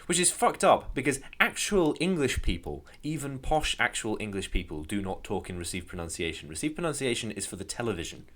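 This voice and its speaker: A man's voice: medium pitch, very animated, brisk, few pauses, fairly bright tone. A man co-hosting a casual podcast about running tabletop games, rambling and wry, swearing casually. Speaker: podcast co-host and game master.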